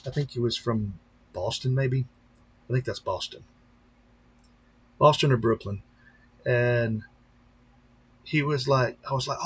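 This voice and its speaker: A man's voice: mid-range voice, unhurried, long pauses, breathy edge. A man, a pastor, chatting casually on a live stream, rambling and talking straight to his viewers. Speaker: pastor and drone-racing streamer.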